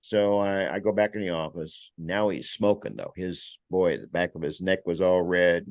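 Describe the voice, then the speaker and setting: An older man, a vineyard owner and podcast guest, telling an animated, profane anecdote and acting out the other people's voices. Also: low-pitched, moderate pace, no room sound. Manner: animated, acts out voices, swears freely.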